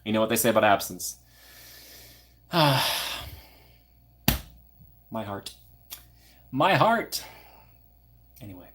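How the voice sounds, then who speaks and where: A young man from Minnesota hosting a casual live stream, chatting and answering viewer comments by name. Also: fairly low pitch. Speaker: livestream host.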